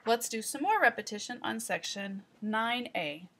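A woman teaching trainees in an instructional voice-over, explaining deliberately and speaking straight to the viewer. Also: a little high, animated, sharp tone.

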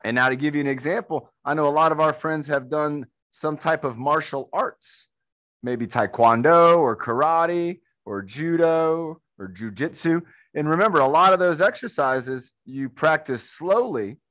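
A man's voice: on the high side, measured pace, a bit bright, no room sound. Upbeat man leading a neck workout. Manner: upbeat, encouraging, demonstrates while talking. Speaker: fitness instructor. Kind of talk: guided workout instruction.

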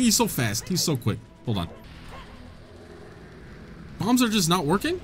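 A man's voice: fairly high pitch, wildly swooping pitch, brisk, pauses often, soft background music. A young man hosting a let's-play, commentating casually and joking back at the game's characters. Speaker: gaming channel host.

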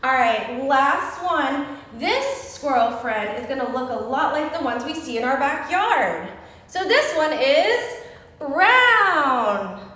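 A young woman librarian with a high, lively voice leads a children's story time, playful and sing-song. She talks slowly and clearly for little ones. The sound comes through a very echoey room with a long reverb tail.

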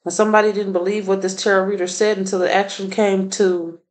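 A woman's voice: medium pitch, little pitch movement, quick pace, rough recording. A woman doing a casual tarot reading, blunt and profane, laughing often. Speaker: tarot reader.

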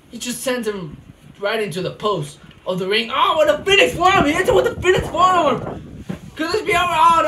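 A man giving excitable amateur wrestling play-by-play commentary, breaking into shouts at the big moves. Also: extremely high pitch, noisy background. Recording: distant mic with loud music behind.

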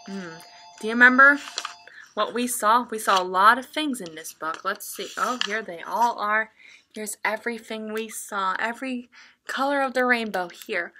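Slow, bright sing-song woman storyteller. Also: fairly high pitch, expressive. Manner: sing-song, playful, with animal sounds and laughs. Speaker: children's librarian. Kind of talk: reading a picture book aloud to young children.

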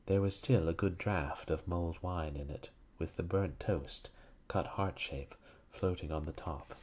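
Male reader, deep husky voice, slow solemn horror storytelling. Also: a little mellow. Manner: slow, solemn, dramatic reading, voicing characters lightly. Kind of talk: reading a horror story aloud.

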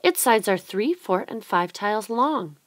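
A woman's voice: medium pitch, unhurried, no room sound, natural voice. A woman voicing a curious, eager young boy in a read-aloud storybook, raising her voice for him. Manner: excited, wondering.

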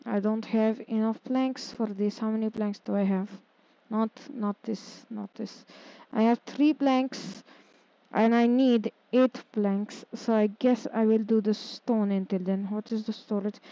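A woman's voice: fairly high pitch, fairly even intonation, a little slow, dark tone, dry recording, muffled recording. A woman playing a city-building game, talking to herself casually and getting exasperated when things go wrong. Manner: muttering to herself, easily exasperated. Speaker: gaming streamer. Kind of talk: casual gameplay commentary.

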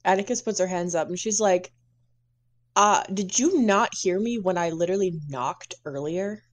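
A woman playing a tabletop role-playing game, answering in character with quick, sassy lines. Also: mid-range voice. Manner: sassy, quick, laughs at own slips. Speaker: player.

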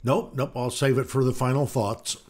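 A man's voice: mid-range voice, steady tone, normal speed, darkish tone. A man co-hosting a casual live stream, chatting in an easygoing, drawling way. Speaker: co-host.

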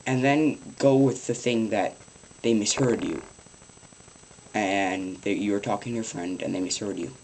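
Rambling teenage boy with a low voice. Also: a little slow, vocal fry, a little mellow, a little hiss or hum, poor audio. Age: teens. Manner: rambling, swears casually, lots of ums. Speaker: vlogger. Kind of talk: casual advice vlog.

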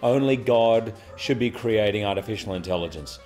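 A man in his forties with an Australian accent, a guest actor answering interview questions in a relaxed, good-humoured way, chuckling often. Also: lowish voice, moderate pace, faint music behind. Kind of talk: press junket interview.

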